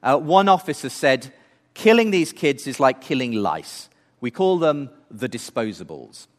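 A man's voice: medium pitch, sing-song, unhurried, big-room sound. A man giving an earnest talk, building his case through rhetorical questions. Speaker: speaker. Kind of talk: apologetics talk.

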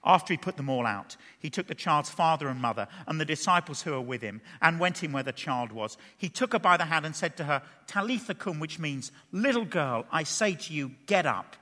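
A man preaching in a lively way, firing questions at his listeners and slipping in playful asides. His voice sits high and sounds bright and forceful. A long hall reverb trails behind him. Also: a little fast, few pauses. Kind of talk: expository sermon.

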